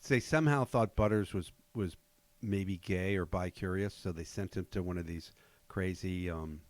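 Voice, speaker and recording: A man hosting a podcast, chatting casually with measured, dry humor. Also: low voice, no room sound. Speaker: podcast host.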